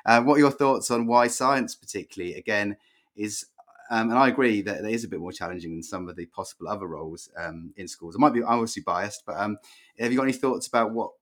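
Male podcast host, low voice, meandering questioner with lots of restarts. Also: fast, fairly bright tone. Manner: rambling, hedging questions. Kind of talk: conversational podcast interview.

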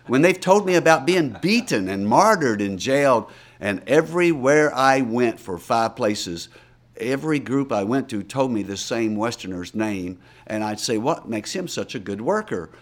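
A man's voice: mid-range voice, normal speed. A man, a missionary guest telling stories in an interview and acting out the people he quotes. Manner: animated storyteller, acts out quoted voices. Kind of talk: storytelling interview answers.

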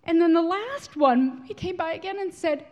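A woman speaking to a Christian gathering, telling a prayer story in an animated, expressive way. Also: very high voice, normal speed. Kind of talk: storytelling talk to an audience.

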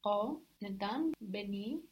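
A woman's voice: mid-range voice, animated, takes it slowly, far from the mic, dull audio. A woman learning a language, hesitantly trying out her answers. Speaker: language student. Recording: voice from away from the mic.

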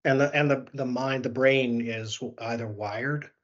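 Husky-voiced Canadian man hosting a podcast. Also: mid-range voice, steady tone, lo-fi sound. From South Africa. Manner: eager, halting, full of restarts. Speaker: podcast host. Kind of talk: podcast interview over a video call.

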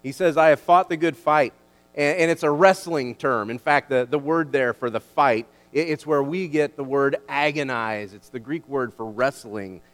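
A man preaching a sermon as a pastor, emphatic and animated, often restarting his words. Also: mid-range voice, moderate pace, hardly any pauses. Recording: long hall reverb.

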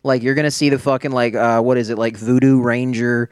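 A man's voice: medium pitch, little pitch movement, a little fast, darkish tone, smooth, no echo, studio quality. A man in casual podcast chat who rambles, filling his talk with "like" and curse words. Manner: rambling, full of "like" and swearing. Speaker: podcast co-host.

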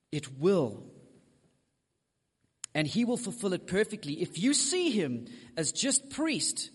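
A man's voice: sits high, slightly rough, long reverb tail. A man preaching a sermon, speaking straight to his congregation with frank asides. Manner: direct, addresses the congregation with asides.

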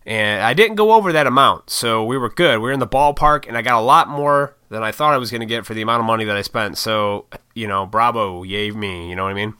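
Crisp-voiced rambling guy vlogging solo. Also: lowish voice, fast talker, hardly any pauses, bright, forceful tone, dry recording, clean studio sound. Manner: rambling, profane, chatty with frequent laughs. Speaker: YouTuber and podcaster. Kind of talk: casual solo vlog chat.

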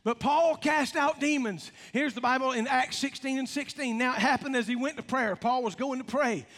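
Preaching in a large hall with long reverb, this pastor jokes and calls out to the congregation in a folksy, emphatic sermon. He speaks at a moderate pace in a very high, slightly bright voice.

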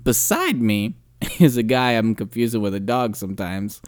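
Joking podcast host, raspy from screaming. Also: male voice, fairly low pitch, expressive, normal speed, no room sound, studio quality. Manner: joking, crude banter. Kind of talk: casual comedic chat.

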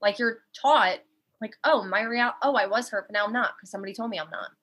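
A woman's voice: mid-range voice, a little fast, a bit bright, husky. A young woman in casual conversation, speaking candidly, swearing often and acting out quoted exchanges. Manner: candid, frequent swearing, acts out quoted dialogue. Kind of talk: casual chat.

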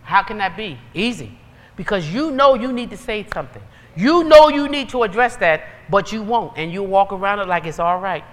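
A woman preaching a sermon in a lively, conversational way, building into urgent exhortations. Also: medium pitch, normal speed. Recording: long reverb of a large hall.

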